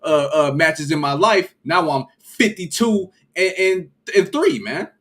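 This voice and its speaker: A man in a relaxed, slangy scripture discussion on a livestream, often restarting his sentences. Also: fairly high pitch, a little slow.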